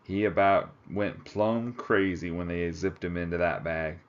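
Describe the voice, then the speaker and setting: A gruff, folksy cowboy drawls in a put-on Texas accent, as a man reading a storybook acts him out. The voice sits low and unhurried. The audio is a little muffled and lo-fi. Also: flat delivery. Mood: drawling. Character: gruff Texan cowboy climber, drawling, plainspoken.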